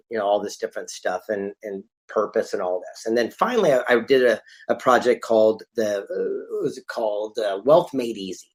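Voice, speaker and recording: A man who is a podcast guest, telling anecdotes in a lively conversational way and acting out the dialogue. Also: medium pitch. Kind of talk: conversational storytelling.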